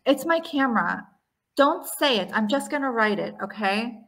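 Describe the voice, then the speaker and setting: Relaxed woman tutoring on a video call. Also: on the high side, moderate pace, vocal fry. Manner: relaxed, laughs easily, asks short questions. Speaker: English tutor. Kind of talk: casual chat in an online lesson.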